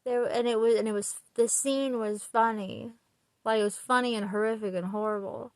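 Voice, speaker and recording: A woman's voice: a little high, fairly even intonation, normal speed, darkish tone, no echo. A woman chatting casually about a book while getting ready, rambling and laughing often as she retells scenes. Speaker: vlogger.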